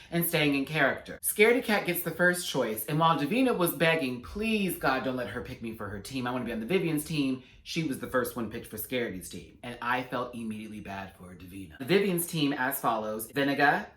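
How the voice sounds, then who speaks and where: A man giving a casual, sassy episode recap and review with animated, slangy asides. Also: mid-range voice. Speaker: reality TV reviewer. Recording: roomy echo.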